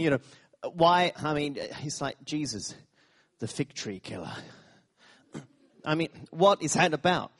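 A man preaching a sermon, telling stories with laughing asides, repeated phrases and sudden bursts of emphasis. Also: fairly high pitch. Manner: animated storytelling, laughing asides, repetitions.

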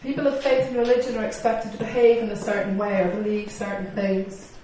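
A woman's voice: mid-range voice, a little fast. Irish woman preaching in an echoey hall. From Northern Ireland or Ireland, living in Britain. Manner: animated preaching, rhetorical questions, acted-out quotes. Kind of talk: sermon. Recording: echoey hall, distant mic, faint noise.

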